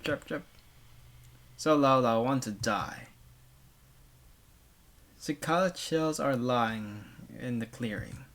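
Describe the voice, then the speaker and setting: A man's voice: mid-range voice, fairly bright tone. A man reading a visual novel aloud for a let's play, stumbling over words and breaking off for wry, offhand comments.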